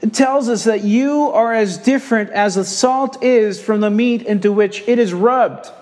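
A man's voice: high-pitched, a little slow, darkish tone. A male pastor preaching a sermon, emphatic and repeating his key phrases for weight.

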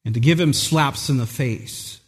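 A man's voice: mid-range voice, unhurried, husky, big-room sound. A male pastor preaching an earnest, emphatic sermon and repeating words for stress.

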